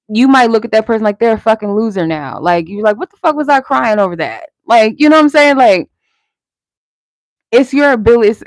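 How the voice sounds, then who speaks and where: A woman with a mid-range voice hosts a live tarot stream, recorded with no room sound. She offers casual spiritual guidance in a candid, conversational way, swearing here and there while staying encouraging and motivational.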